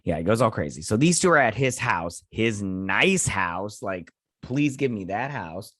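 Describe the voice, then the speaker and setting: A man's voice: fairly low pitch, very animated, unhurried, a bit bright, no room sound, studio quality. A man hosting a casual TV episode recap, rambling and paraphrasing scenes as he goes. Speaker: host.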